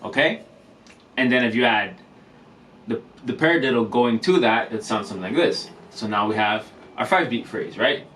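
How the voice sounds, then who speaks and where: A man's voice: medium pitch, moderate pace, distant mic, background noise. A man chats through a drum lesson for his vlog in an easy, meandering way, full of ums and restarts. His voice sits a little away from the microphone, with a faint room ambience underneath. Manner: relaxed, rambling, many fillers and restarts. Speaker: drum teacher vlogger. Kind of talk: casual instructional vlog.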